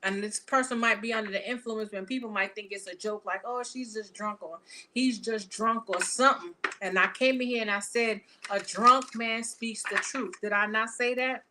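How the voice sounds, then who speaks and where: A woman reading tarot cards for her viewers in a casual, animated, profane and chatty way. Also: on the high side, normal speed, hardly any pauses, background noise. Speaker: tarot reader.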